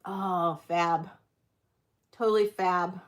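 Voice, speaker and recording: A woman hosting a livestreamed vintage jewelry auction, chatting to viewers and gushing excitedly over the pieces. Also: on the low side, extremely slow. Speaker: host of a live jewelry sale. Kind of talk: live auction chat.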